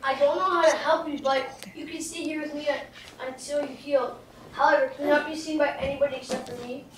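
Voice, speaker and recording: A kind, earnest young boy, played by a woman with a high voice, offering help. The voice is recorded far from the mic in a very echoey room. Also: fairly even intonation, a little fast, a little hiss or hum, close to an everyday voice. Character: kind eight-year-old boy.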